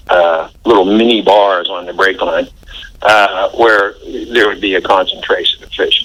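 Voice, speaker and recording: An older American man telling stories in a relaxed, folksy way during a casual interview, with plenty of fillers. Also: lowish voice, rough recording. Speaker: interview guest.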